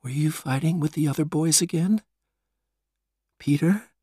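A man reading a story aloud, voicing a gentle, dreamy young mother who speaks quietly from a hospital bed. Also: unhurried, husky, no room sound, studio quality. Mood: tender. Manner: soft, quiet, raised pitch.

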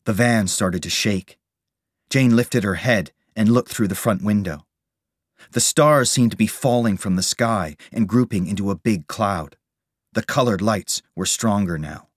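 A man reading a storybook aloud as narrator, steady and measured. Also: fairly low pitch, no room sound, clean studio sound.

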